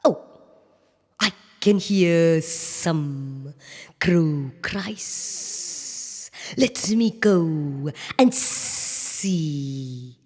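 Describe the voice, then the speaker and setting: A woman voicing a sly, hungry male snake who speaks slowly in a low, hushed voice. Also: expressive, husky, exaggerated voice. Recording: echoey reverb.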